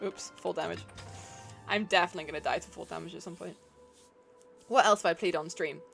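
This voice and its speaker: A woman's voice: fairly low pitch, brisk, creaky, fairly bright tone, soft background music. A woman streaming a video game, chatting casually, reacting to the game and greeting viewers in a playful, self-deprecating way. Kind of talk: casual gameplay commentary.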